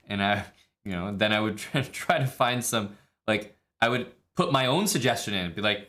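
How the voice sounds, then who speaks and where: In a lowish, bright, forceful voice, a man animatedly talks through chess lines at a normal speed on a live stream. His commentary is casual, blunt and full of swearing, and he voices his own thinking and laughs at odd moves.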